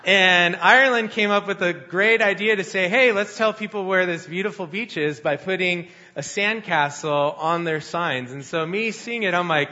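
A man's voice: high voice, moderate pace, few pauses, muffled recording. A young man giving a sermon, telling a personal story in a conversational way and acting out what people said. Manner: storytelling, conversational, animated quoting. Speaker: pastor.

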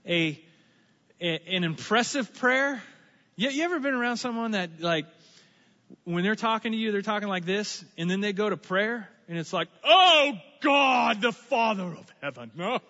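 A pastor delivers a lively, conversational sermon in a high, bright voice. He jokes and slips into quick impressions between points. The sound is a little muffled, with a long reverb that carries through a large church. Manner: conversational, animated preaching with asides and impressions.

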